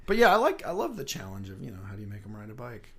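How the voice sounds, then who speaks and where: A middle-aged man with a fairly low voice talks as a guest in a casual interview. He rambles in a chatty way, breaking off and restarting his sentences as he thinks. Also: huge pitch swings, rapid-fire, a bit bright. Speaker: guest, puppetry writer and director.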